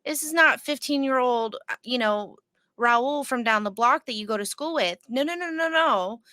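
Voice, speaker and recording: A woman's voice: a little high, normal speed, pushed and bright, no room sound, clean studio sound. A woman co-hosting a casual podcast, talking emphatically and indignantly. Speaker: podcast co-host.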